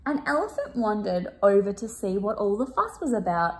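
A woman reading a picture book aloud to children, expressive and chatting to her young listeners in between. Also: medium pitch, normal speed.

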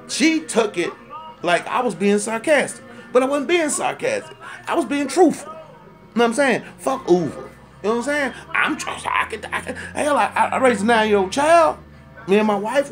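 Heated, high-pitched profane ranting man. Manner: profane, heated and rambling, repeats himself for emphasis; animated, rising to loud indignant outbursts. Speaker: storyteller ranting to camera. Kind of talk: comic rant monologue.

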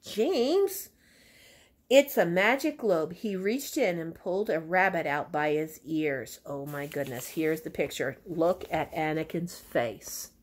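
A woman reading a children's book aloud, in an expressive way with chatty asides about the story and its pictures. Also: sits low, unhurried, few pauses. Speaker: reader.

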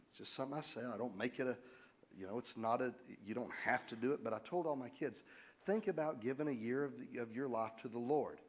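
A middle-aged American man preaching a sermon as pastor, animated and joking, with sudden loud exclamations. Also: mid-range voice. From United States.

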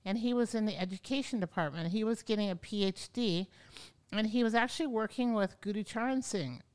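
A woman yoga teacher telling stories as an interview guest, animated and acting out the voices of people she quotes. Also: mid-range voice, brisk, smooth. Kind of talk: storytelling in an interview. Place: podcast studio.

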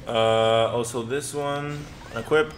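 A young man giving casual gameplay commentary, excitable, often stammering and swearing as he reacts. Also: mid-range voice, slow pace, background noise. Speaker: gaming commentator.

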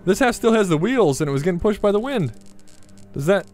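Young man, let's play commentary, slightly high voice, chatty, coaxing, faint game music behind. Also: lively intonation, a little fast, a little mellow. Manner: chatty, coaxes his vehicle along, yelps when things go wrong. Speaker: gameplay commentator.

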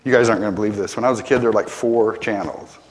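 An older man preaching a conversational sermon, often asking "right?", building to emphatic peaks and then dropping quiet. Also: fairly low pitch, rapid-fire. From Arizona. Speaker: pastor. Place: church sanctuary. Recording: long hall reverb.

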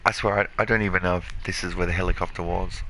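A man's voice: sits low, steady tone, a little fast, sharp tone, faint music behind. A man streaming a video game, joking and swearing as he chats and plays. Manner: profane, joking, laughing banter. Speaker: gaming streamer. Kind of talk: casual let's play commentary.

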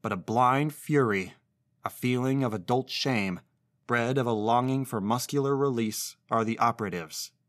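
A man's voice: mid-range voice, normal speed, dry recording. Man reading a short story, dry close sound. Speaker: narrator. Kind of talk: scripted literary narration.

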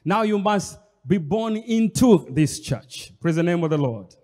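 The Kenyan pastor's voice sits high and is a little mellow, with lively intonation and a measured pace. He preaches emphatically to the congregation, repeating phrases, as a long reverb fills the church hall.

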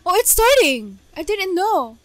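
A woman reacts to an anime episode in a very high, lively voice that leaps up and down. She talks at an unhurried pace, breaking into gushing, excitable exclamations between her casual comments. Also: no echo.

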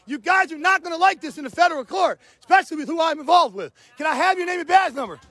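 Shooting live on his phone outside, a man challenges police on his land, pressing demands again and again. He speaks in a very high, expressive voice at a fast clip, pushed and bright, and the recording is dry.

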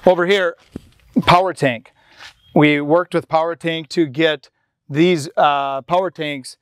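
A man's voice: a little high, clean tone, no room sound, clean studio sound. A man, a regular on an off-road channel, walks through his jeep build in a casual, enthusiastic way, with frequent restarts and fillers. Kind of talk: casual walkaround explanation. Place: outdoors and inside a jeep in a shop area.

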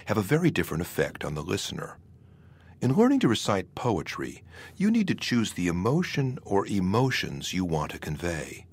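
Husky-voiced man narrating a lesson. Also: low voice. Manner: measured, explanatory. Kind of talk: scripted educational narration.

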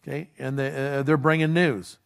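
Here the pastor's voice is creaky and medium-pitched, moving little in pitch and going at a normal speed. He preaches casually, retelling a story in plain speech with frequent fillers and restarts, and performs the quoted lines.

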